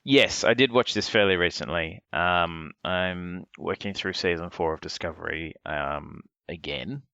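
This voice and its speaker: A man's voice: sits low, unhurried, vocal fry, pushed and bright, no echo, lo-fi sound. A man co-hosting a casual podcast chat, hesitant, with many ums and self-corrections. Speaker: podcast co-host.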